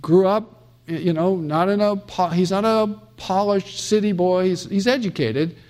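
His voice sits high with a darkish tone and normal speed. This middle-aged man from the United States lectures on theology in a classroom, emphatic and quoting dramatically, stumbling through plenty of fillers and restarts.

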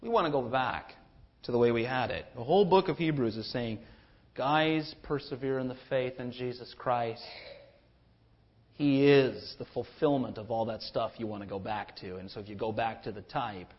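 A man's voice: medium pitch, moderate pace, dull audio. A man preaching a sermon as pastor, building to emphatic rhetorical questions.

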